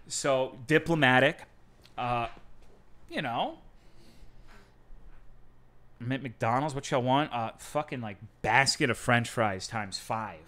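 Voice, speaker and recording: Bright-voiced, profane streamer man. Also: medium pitch, slow, long pauses. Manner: profane, self-mocking joking. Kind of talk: casual chat with viewers.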